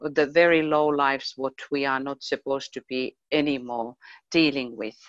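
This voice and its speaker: A woman's voice: extremely low pitch, fairly even intonation, normal speed, no echo. A woman in a casual discussion who hunts for words with frequent fillers. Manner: searching for words, many fillers. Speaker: discussion participant. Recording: dry, muffled lo-fi sound.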